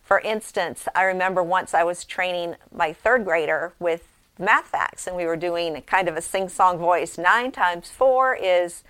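A woman's voice: on the low side, fairly even intonation, moderate pace, fairly bright tone, no echo. A middle-aged woman, a homeschooling mother, giving a conversational instructional talk full of practical tips and anecdotes from raising her children.

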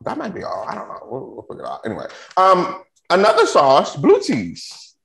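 Animated man in a roomy space. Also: a little high, moderate pace, gravelly. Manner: animated storyteller who acts out his own reactions. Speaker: podcast host. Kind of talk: casual chat. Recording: roomy echo.

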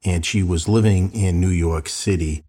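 A man's voice: sits low, fairly even intonation, moderate pace, dark tone. A middle-aged man hosting a true crime podcast in a chatty way, calling listeners guys, his voice slightly off from allergies. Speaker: podcast host and private investigator.

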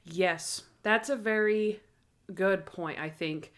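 A woman in casual chat about a TV episode, animated and laughing often, acting out characters' lines. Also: medium pitch, slow, smooth. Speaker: podcast co-host.

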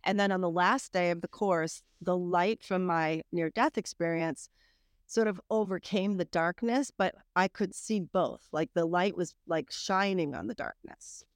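A middle-aged woman with a fairly low voice tells her personal story as a podcast guest. Her talk is candid and animated, full of casual "like"s. The sound is dry and close, with little room around it. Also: unhurried, smooth, no room sound.

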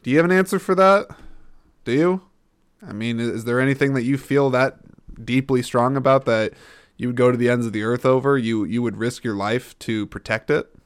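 A man's voice: medium pitch, fairly quick, clear, resonant tone, no room sound, clean studio sound. A man hosting a solo podcast, rambling and thinking aloud, often stopping and restarting. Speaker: podcast host. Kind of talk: casual solo podcast talk.

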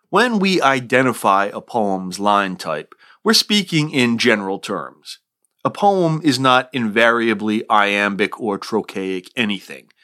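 Middle-aged male podcast lecturer, lowish bright voice, wry humor, scripted. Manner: wry asides, dry humor. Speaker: podcast host explaining poetry. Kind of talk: scripted educational podcast narration.

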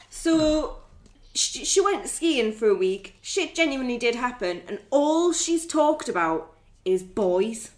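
A woman's voice: on the high side, lively intonation, takes it slowly. A woman hosting a podcast in casual, giggly banter. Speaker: podcast host. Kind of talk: casual chat.

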